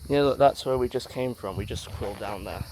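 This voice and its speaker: A man in a casual travel vlog, chatting excitedly as he explores underground ruins and caves. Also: medium pitch, fairly quick, slight background noise. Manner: chatty, excitable, jumpy about bugs. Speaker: travel vlogger.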